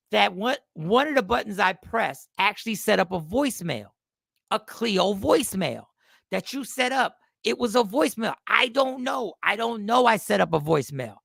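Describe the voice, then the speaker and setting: A man's voice: high-pitched, gravelly, sharp tone, no echo, clean studio sound. A man in his fifties, a comedian and host, telling a rambling, self-mocking story in a casual style.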